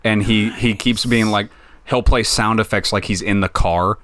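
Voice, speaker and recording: A man co-hosting a podcast, telling a story in casual, animated chat. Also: on the low side, moderate pace, no echo, clean studio sound. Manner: storytelling, puts on voices mid-story. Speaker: podcast co-host.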